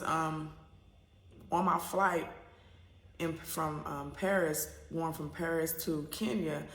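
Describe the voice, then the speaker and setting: Gravelly-voiced woman vlogger in an echoey room. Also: sits low, fairly bright tone. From United States. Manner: rambling and candid, with many fillers and restarts. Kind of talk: casual storytelling to camera.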